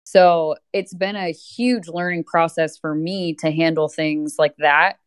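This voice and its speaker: A woman with a somewhat low voice chats in a relaxed, reflective way, leaning on "like" as a filler. She sounds like an interviewer talking things over with her guest. The sound is dry and close-miked. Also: a little slow, smooth, no room sound. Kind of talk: casual chat.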